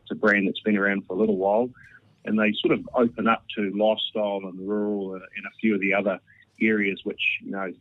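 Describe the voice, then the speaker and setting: A man's voice: fairly low pitch, quick pace, dry recording. New Zealand man on a tinny phone line. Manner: relaxed, rambling, with fillers. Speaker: guest on a phone call. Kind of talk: casual chat.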